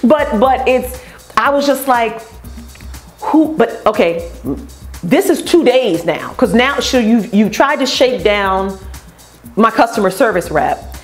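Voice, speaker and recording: A woman who owns a beauty company tells customer stories in an animated way and acts out the voices of the people in them. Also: fairly high pitch, a little slow, soft background music. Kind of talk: storytelling vlog.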